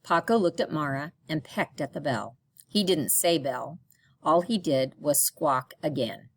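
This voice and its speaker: A woman reading a children's picture book aloud in a slow, expressive storytelling manner. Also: low-pitched, no room sound. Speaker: storybook reader.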